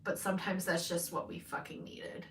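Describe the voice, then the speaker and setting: A woman's voice: on the low side, level tone, moderate pace, a little hiss or hum. Tarot lady chatting on a live stream, rambly and sweary, sounds a bit far from the mic in an echoey room. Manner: rambling, candid, swears freely, laughs often. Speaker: tarot card reader. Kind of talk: live-streamed card reading, casual chat. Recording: roomy sound from a mic at a distance.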